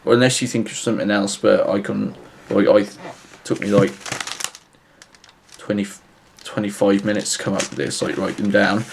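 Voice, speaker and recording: Rambling man, deadpan vlog. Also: fairly low pitch, creaky, noisy background. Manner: rambling, halting, filler-heavy; flat, matter-of-fact. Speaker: vlogger. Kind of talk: deadpan comic advice vlog.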